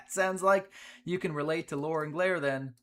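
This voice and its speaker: A man hosting a live gameplay stream, energetic and chatty, talking to his viewers as he plays. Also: fairly high pitch. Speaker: streamer, host.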